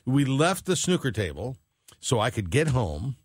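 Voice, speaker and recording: A man's voice: medium pitch, big pitch swings, moderate pace, slightly rough, dry recording, clean studio sound. A man co-hosting a radio show, telling a long, rambling everyday story at an easy pace with lots of fillers. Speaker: radio co-host. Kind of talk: casual chat.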